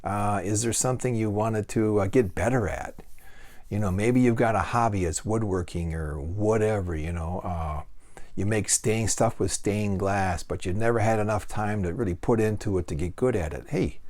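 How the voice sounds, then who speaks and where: Low-voiced blunt man ranting casually. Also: normal speed, a little mellow. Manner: blunt, folksy and profane, with rhetorical questions. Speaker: vlogger giving life advice. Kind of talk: casual off-the-cuff monologue.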